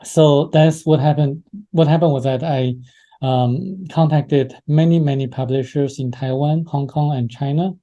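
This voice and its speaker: A man being interviewed, telling a personal story with many pauses and fillers. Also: a little high, steady tone, warm tone, muffled recording. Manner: hesitant, many fillers and restarts. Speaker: interview guest.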